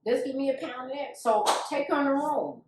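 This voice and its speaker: A woman's voice: high voice, brisk, distant mic, noisy background. Woman telling her story in an echoey room. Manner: emotional storytelling, acts out quoted voices. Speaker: guest. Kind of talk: candid personal testimony.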